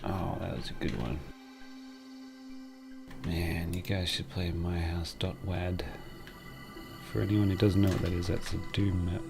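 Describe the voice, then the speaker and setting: Male gamer streamer, low gravelly voice, slow rambling joker. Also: steady tone, music in the background. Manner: rambling, joking. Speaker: game streamer. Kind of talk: casual gameplay commentary.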